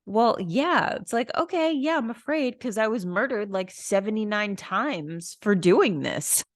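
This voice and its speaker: A woman imitating a female spiritual healer who talks eagerly and quickly, well above her own low voice. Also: lively intonation, close to an everyday voice.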